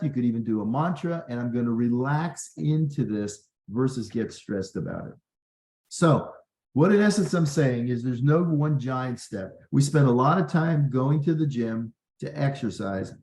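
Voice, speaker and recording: A man's voice: medium pitch, expressive, normal speed, warm tone. Earnest man teaching in an echoey room. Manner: earnest, conversational, many fillers. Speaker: physician and leadership workshop host. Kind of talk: workshop talk.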